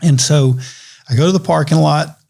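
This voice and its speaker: A man, an attorney guest on a podcast, telling a story in a lively, conversational way with fillers. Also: fairly high pitch, moderate pace, gravelly. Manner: animated storyteller with laughs and fillers.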